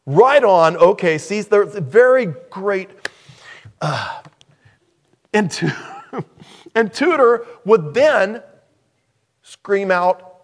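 Male pastor, slightly high voice, emphatic sermon delivery with repeated phrases. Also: big pitch swings, very slow, pauses often.

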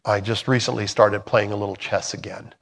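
A man preaching a sermon in a conversational way, swinging from loud emphatic bursts to soft, hushed lines. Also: fairly low pitch, steady tone, brisk, gravelly.

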